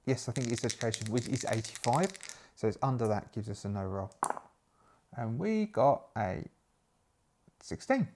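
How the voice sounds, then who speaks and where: A man narrates a solo horror adventure from a gamebook. He reads each entry aloud and works out his rolls and choices in casual asides. His pitch rises and falls a lot as he reads. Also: animated, normal speed, long pauses, darkish tone, slight background noise. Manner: reads the story, then thinks aloud with asides. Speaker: solo game player and narrator.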